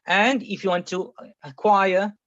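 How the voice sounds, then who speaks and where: A man's voice: sits high, fairly even intonation, measured pace, a bit bright, dry recording. A man teaching a classroom Arabic grammar lesson, patiently explaining and repeating each example several times. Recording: muffled, slightly lo-fi sound.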